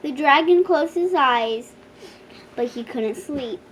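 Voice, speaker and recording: A woman narrating a children's storybook aloud with slow, expressive storytelling. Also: sits high, a little hiss or hum. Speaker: storybook reader.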